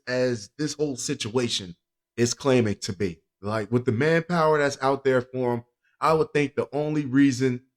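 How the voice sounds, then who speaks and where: A man hosting a podcast in casual chat, rambling and joking with frequent chuckles. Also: medium pitch. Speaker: podcast host.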